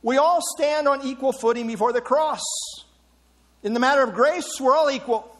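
Male preacher, very high voice, animated and emphatic, echoing in a large hall. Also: moderate pace. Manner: emphatic, rhetorical questions, repeats words. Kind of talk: sermon.

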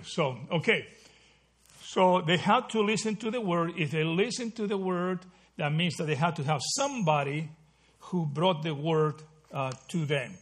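A man's voice: on the high side, normal speed, slightly rough. A man teaching a Bible study in a conversational sermon style, often checking in with his listeners and correcting himself mid-phrase. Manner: conversational, checks in with "okay?" and "right?".

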